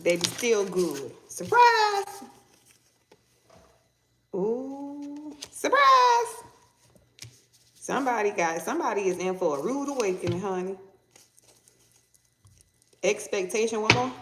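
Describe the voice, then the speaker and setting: Female tarot reader, animated and playful, echoey room. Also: normal speed, pauses often, slight background noise. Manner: animated, bursts into high mock voices and laughter. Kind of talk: casual tarot reading.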